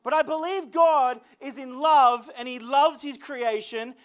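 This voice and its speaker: A young adult man, a lead pastor, preaching a sermon in an earnest way, repeating words for emphasis and reading scripture aloud in slow phrases. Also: very high voice, fairly even intonation.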